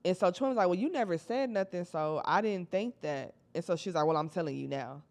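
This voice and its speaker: A woman's voice: lowish voice, brisk. Slangy young woman telling a story. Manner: animated, slangy, acts out friends' quotes. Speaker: storytime vlogger. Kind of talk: casual storytelling.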